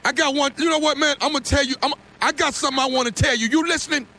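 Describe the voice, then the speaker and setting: A man making a radio prank call, fast and confrontational, with stammering restarts. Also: extremely high pitch, steady tone, heavy background noise.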